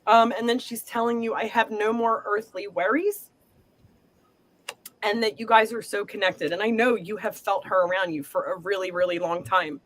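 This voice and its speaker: A woman's voice: medium pitch, fairly even intonation, fairly quick, few pauses, fairly bright tone, a little hiss or hum. A middle-aged woman giving an earnest, emotional psychic reading, reassuring and encouraging. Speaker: psychic reader. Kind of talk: live group reading.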